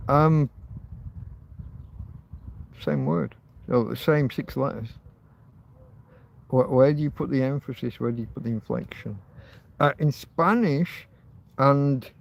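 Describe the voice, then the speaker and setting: A man's voice: mid-range voice, creaky, a little mellow. A man hosting a livestream, chatting in a rambling, casual way, thinking aloud with frequent ums and false starts. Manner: meandering, thinks aloud with many ums and restarts. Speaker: livestream host. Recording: faint background noise.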